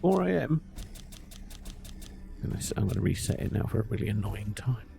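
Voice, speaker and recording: A man commenting live on his game, swearing and muttering at it in an exasperated way. His voice is heavily gravelly and dark, and it jumps around in pitch. Faint music sits behind him. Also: very animated, moderate pace. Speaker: streamer.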